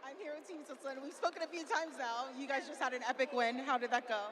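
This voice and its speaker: A woman reporting from the competition floor, asking quick upbeat questions. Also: high voice, fairly even intonation, noisy background. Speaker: field reporter. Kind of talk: on-field interview. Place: competition floor of a loud arena. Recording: reverberant arena with cheering crowd.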